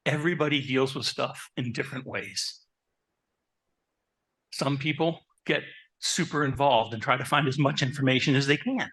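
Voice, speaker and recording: A man who works as a therapist, giving a lively talk to an audience, asking them questions and telling stories about his own life. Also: medium pitch, normal speed, husky. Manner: animated, asks the audience questions; personal anecdotes, conversational. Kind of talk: live presentation to an audience.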